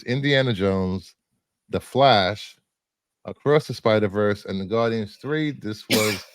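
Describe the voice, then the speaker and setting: A man's voice: lowish voice, no room sound. A man co-hosting a casual chat, rambling through his film picks with fillers and the odd laugh. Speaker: co-host presenting film picks.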